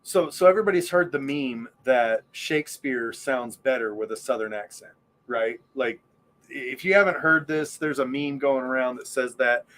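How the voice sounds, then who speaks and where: A man's voice: mid-range voice, normal speed, a bit bright. A man hosting a podcast in casual chat, rambling and enthusiastic, with lots of fillers. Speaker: podcast host.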